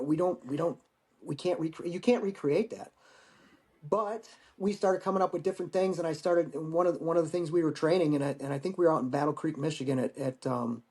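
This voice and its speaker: A man in his forties, a Marine veteran guest, telling war-training stories in a casual, profane, animated way. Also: fairly high pitch. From United States. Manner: profane, animated storyteller acting out dialogue. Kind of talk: casual storytelling interview.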